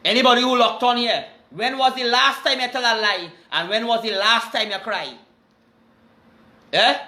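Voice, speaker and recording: A Trinidadian man hosting a rambling live stream, with loud, excited greetings and shout-outs. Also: very high-pitched, moderate pace. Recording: echoey room.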